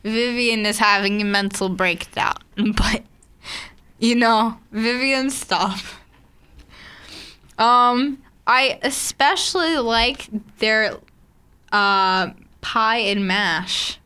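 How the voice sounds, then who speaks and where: A woman's voice: fairly high pitch, steady tone, very slow, bright, forceful tone, clear, resonant tone. A woman co-hosting a casual chat, rambling and full of fillers and self-corrections. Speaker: co-host.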